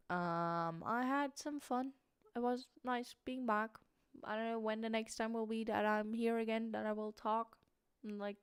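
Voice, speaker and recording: A woman's voice: medium pitch, smooth, dry recording, studio quality. A tired young woman with a British-tinged accent, chatting casually and rambling on a late-night livestream, full of restarts and fillers. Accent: British-tinged English. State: sleepy, tired. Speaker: streamer.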